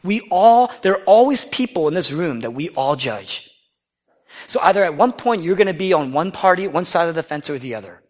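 A man's voice: a little high, lively intonation, fairly quick. A man preaching a sermon, retelling a parable with dramatic storytelling and acting out the characters' lines. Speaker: pastor.

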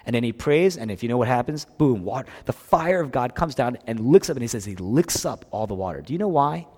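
A man preaching a sermon as a pastor, swinging between loud emphatic lines and hushed low ones. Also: animated, brisk. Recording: long hall reverb.

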